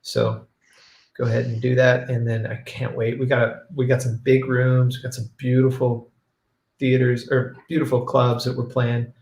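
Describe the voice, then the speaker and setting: A man hosting a casual livestream, relaxed and reading viewer questions aloud. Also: mid-range voice, normal speed, vocal fry, roomy sound. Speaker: band member hosting a livestream.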